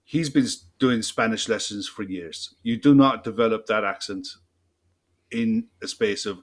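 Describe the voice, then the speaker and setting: A man's voice: lowish voice, unhurried. Blunt, emphatic football podcast man. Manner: blunt, emphatic, swears freely. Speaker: podcast co-host. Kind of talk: casual football chat.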